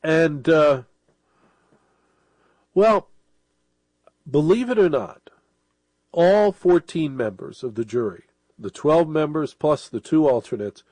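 Middle-aged male radio host, sniffling from a cold, husky and mellow, chatty rambling delivery. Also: a little high, lively intonation, takes it slowly, long pauses, dry recording. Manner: rambling, conversational, with restarts and asides. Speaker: late-night radio host. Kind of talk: casual monologue to listeners.

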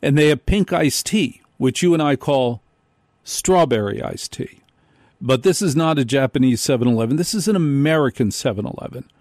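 A man hosting a radio show, telling a comic story in an animated way and acting out the people in it. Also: mid-range voice, normal speed, dry recording, studio quality. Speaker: radio host. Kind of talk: comedic radio monologue.

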